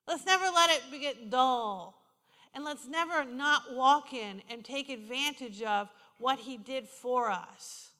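Woman preacher, bright, lively storytelling sermon, hall echo. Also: sits high, measured pace. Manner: passionate storytelling preacher, swings from loud to hushed. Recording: hall reverb.

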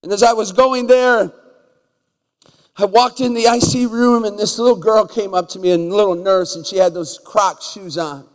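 A male pastor preaching a story in a church sanctuary, his voice sitting a little high for a man. He talks in animated swings between loud bursts and soft asides and repeats words as he goes. A long hall reverb trails behind him. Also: normal speed. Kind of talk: storytelling sermon.

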